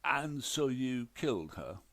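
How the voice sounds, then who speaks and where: A man voicing a deadpan, precise male detective with wry phrasing. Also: mid-range voice, slow pace, pitched above the performer's own voice, full character voice. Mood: probing.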